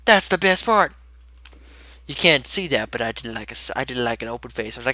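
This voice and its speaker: Bright-voiced energetic teen gamer. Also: male voice, medium pitch, brisk, no echo. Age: late teens. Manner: energetic, rambling and chatty. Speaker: Let's Play host. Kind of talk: casual gameplay commentary.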